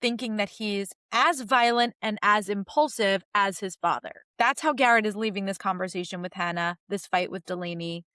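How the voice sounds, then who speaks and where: A woman's voice: medium pitch, moderate pace, few pauses, no room sound, clean studio sound. A young woman hosting a podcast, chatting animatedly about a TV series, swearing casually and acting out the characters' lines. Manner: animated, swears casually, acts out quotes in a raised voice. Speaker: podcast host. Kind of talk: casual recap commentary.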